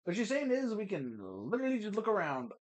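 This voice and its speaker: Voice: mid-range voice, wildly swooping pitch, brisk. A let's-play gamer chatting casually through a playthrough, wry and swearing now and then. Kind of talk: casual game commentary.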